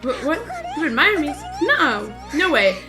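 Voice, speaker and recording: A woman's voice: high-pitched, big pitch swings, measured pace, music in the background. A woman voicing a timid, panicky young recluse who stammers out apologies. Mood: suspicious.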